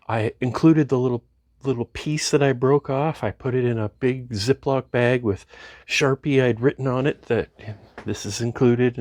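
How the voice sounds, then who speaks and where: A man's voice: mid-range voice, darkish tone, no room sound. A man talking casually through a DIY car repair in his garage, rambling and joking wryly as he works. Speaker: home mechanic vlogger.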